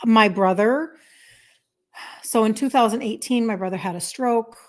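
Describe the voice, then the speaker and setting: With a voice on the high side, she keeps a measured pace broken by long pauses. She's a fifty-something health coach from Minnesota, USA, reading viewers' comments aloud during a relaxed livestream and sounding earnest and apologetic.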